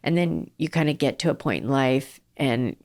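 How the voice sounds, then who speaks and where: A woman's voice: rumbling low, normal speed, a little mellow. A middle-aged woman, a company founder, talking earnestly in a casual interview with many fillers and restarts. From southern California. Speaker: ice cream company founder and CEO, guest.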